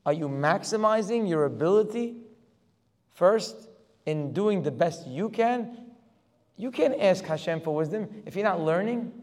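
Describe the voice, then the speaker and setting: A man giving a religious lecture as a Torah teacher, firing off rhetorical questions and building to forceful emphasis. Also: high voice. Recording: long hall reverb.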